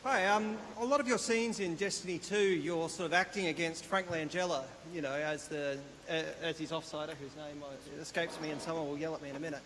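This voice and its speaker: A hesitant Australian man with a high, bright voice rambles through his question from the floor. His voice sounds through a large hall with long reverb and faint hiss. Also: steady tone, fairly quick, few pauses. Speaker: audience member asking a question.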